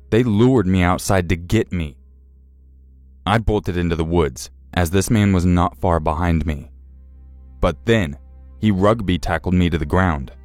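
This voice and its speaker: A man's voice: low voice, a little mellow, no room sound. A man telling a first-person horror story in a tense, dramatic storytelling manner. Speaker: narrator. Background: faint music.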